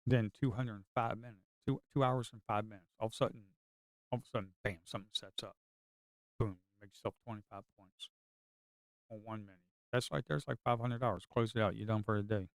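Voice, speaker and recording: Man, middle-aged, casual trading commentary, chatty, repetitive, sarcastic, smooth clear voice, dry close sound. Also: lowish voice, fairly even intonation, brisk, dry recording. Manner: chatty, repeats himself, sarcastic asides. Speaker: day trader streaming live.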